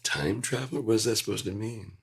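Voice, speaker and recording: Gravelly deep-voiced man ranting profanely. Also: brisk. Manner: swears constantly, jumps between topics, mimics voices. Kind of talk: profane rambling monologue.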